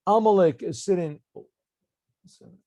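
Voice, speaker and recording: A man teaching a Torah class as a rabbi, reading Hebrew phrases, translating and explaining them in a lively lecture with frequent restarts. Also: high-pitched, normal speed, no room sound. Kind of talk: lecture with commentary.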